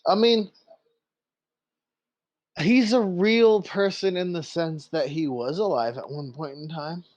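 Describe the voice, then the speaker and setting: Fairly high-voiced man running a tabletop game. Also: takes it slowly, a little mellow, no room sound, lo-fi sound. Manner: loose, filler-heavy, laughing easily. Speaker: game master.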